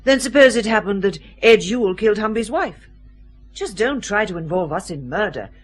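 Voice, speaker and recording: An actress playing a scheming woman suspect under police questioning in a radio drama, with a scornful, defiant manner and a husky voice. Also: mid-range voice, expressive, normal speed, faint music behind.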